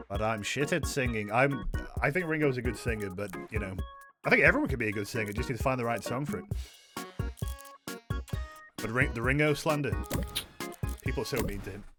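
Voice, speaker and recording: Sweary, rambling male game streamer. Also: mid-range voice. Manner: rambling, sarcastic, swears a lot. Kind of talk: casual gaming stream chat.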